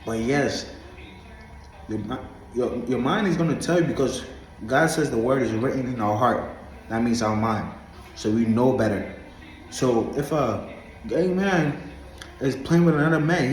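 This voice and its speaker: A man's voice: mid-range voice, a little slow, long pauses. Preachy man from Africa, echoey room. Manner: preachy, emphatic, repetitive. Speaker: vlogger. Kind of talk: casual monologue to camera.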